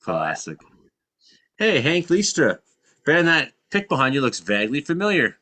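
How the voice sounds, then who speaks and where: A man's voice: a little high, huge pitch swings, normal speed, bright, forceful tone. A man from Canada hosting a casual live show, rambling and laughing often. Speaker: podcast host.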